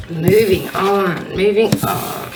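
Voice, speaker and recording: A woman with a husky voice, a psychic medium giving a casual oracle card reading and reading affirmations aloud. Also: mid-range voice, distant mic, noisy background. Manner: chatty, warm-hearted encouragement, reads affirmations aloud.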